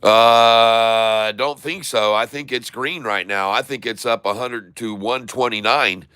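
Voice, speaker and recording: Bright clear-voiced man calling out trades. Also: mid-range voice, steady tone, dry recording. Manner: running commentary, repeating tickers slowly. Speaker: stock trading streamer. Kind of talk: live day-trading commentary.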